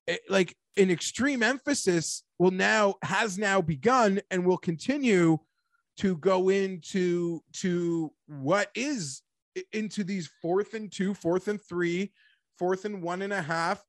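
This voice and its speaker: A man hosting a casual sports talk show, animated and rambling, talking like an emphatic fan. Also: sits high, no room sound, clean studio sound. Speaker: sports podcast host.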